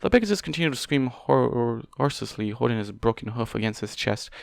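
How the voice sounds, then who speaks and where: Young man, fan fiction reader, profane ranting asides, gravelly, dry close sound. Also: mid-range voice, animated, brisk, no room sound. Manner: swears and rants at the characters.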